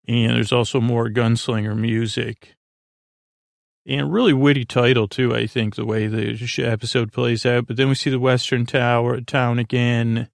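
A man hosting a podcast, retelling an episode's scenes in a halting, rambling way with many fillers and restarts. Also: mid-range voice, vocal fry, dry recording, studio quality. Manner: quick flat retelling of scenes and lines. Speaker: podcast host recapping an episode.

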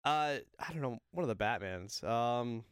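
A man's voice: mid-range voice, animated, moderate pace, clean tone, dry recording, clean studio sound. A man in a casual podcast chat, laid-back and hesitant.

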